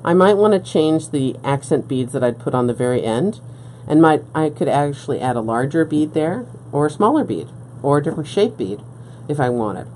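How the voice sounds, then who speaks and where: A woman's voice: deep voice, animated, normal speed, hardly any pauses, darkish tone, a little hiss or hum. A woman beading instructor on a live craft stream, explaining each step patiently and often checking in with "okay?". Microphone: live-stream setup at a work table.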